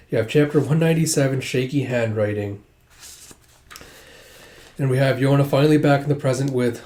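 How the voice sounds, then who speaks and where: A man's voice: mid-range voice, brisk, long pauses, mellow. Chatty man recapping a comic. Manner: chatty, keeps saying "it's like". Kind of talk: casual chapter recap. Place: home with dogs.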